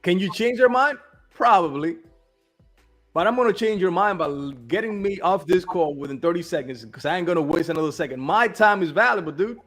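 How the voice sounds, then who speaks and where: A man's voice: high-pitched, fairly quick, fairly bright tone, soft background music. A man in casual business chat, blunt and emphatic, often asking "all right?".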